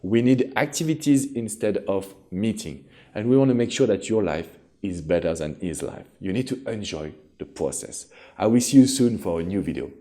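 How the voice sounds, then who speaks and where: French-accented male relationship coach, animated. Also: lowish voice, normal speed, few pauses. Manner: earnest, coaching viewers directly. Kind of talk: direct-to-camera advice.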